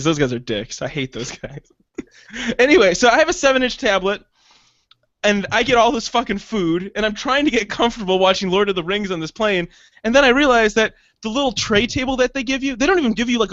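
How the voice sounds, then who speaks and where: A podcast co-host with a notably high voice, cursing and laughing his way through a long tale. The sound is dry and close, with slightly muffled top end. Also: a bit bright, no room sound. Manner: profane rambling storyteller, laughs often. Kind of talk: casual comedic chat.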